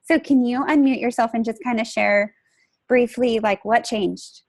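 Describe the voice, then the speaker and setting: A woman's voice: on the high side, normal speed, dry recording. A woman coaching her team on a group call, chatty and upbeat, with many fillers and restarts. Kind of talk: casual conference call.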